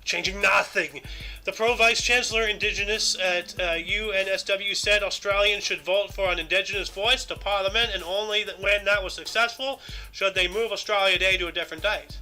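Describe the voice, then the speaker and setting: A man's voice: high voice, steady tone, a little fast, hardly any pauses, sharp tone, soft background music. A man co-hosting a casual news-commentary podcast, rambling with lots of "you know" and "like" fillers. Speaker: podcast co-host.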